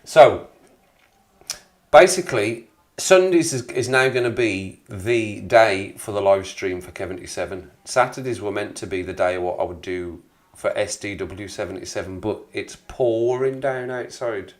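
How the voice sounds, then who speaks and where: A man's voice: on the low side, unhurried. A man in his forties hosting a casual live stream, rambling and chuckling as he greets viewers in the chat. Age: 40s. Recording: echoey room.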